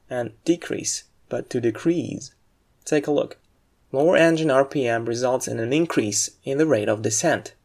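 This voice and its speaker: Man narrating a clear, deliberate lesson. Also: mid-range voice, a little mellow. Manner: clear, deliberate explanatory delivery. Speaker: aviation English instructor.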